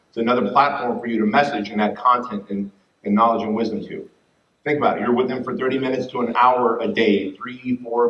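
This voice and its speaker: Profane, animated man speaking in a hall. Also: medium pitch. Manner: animated, profane, acts out quoted voices. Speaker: fitness business speaker. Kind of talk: energetic conference keynote. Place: conference hall with audience. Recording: distant, roomy, dull room mic.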